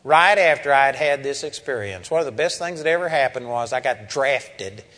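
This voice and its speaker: A man's voice: medium pitch, expressive, moderate pace, a bit bright. An older man preaching a sermon, telling a story and building to impassioned outbursts. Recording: hall reverb.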